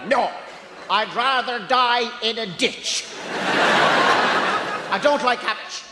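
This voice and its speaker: Ranting high-voiced comedian man. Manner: loud, ranting. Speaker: stand-up comedian. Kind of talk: stand-up rant. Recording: echoey hall with noise.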